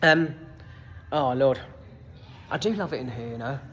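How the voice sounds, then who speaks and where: Speaking a little slowly at medium pitch, expressive and fairly bright, a young film reviewer delivers a casual vlog rant about a film and the heat. He's sweary, exasperated and rambling, and the reverberant cinema foyer carries faint background noise.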